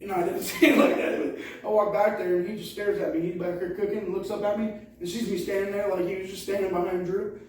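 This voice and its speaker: A man with a high, mellow voice tells rambling, profane stories in casual podcast chat. He sounds far from the mic in an echoey room with faint noise. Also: little pitch movement, quick pace. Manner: profane storytelling with loud mimicking asides. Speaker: podcast co-host.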